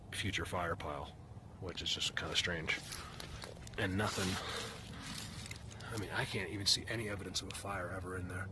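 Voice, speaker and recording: A man filming an outdoor vlog on a mountainside, talking to his viewers excitedly and out of breath. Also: fairly low pitch, background noise. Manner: animated, talks to viewers while filming. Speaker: vlogger.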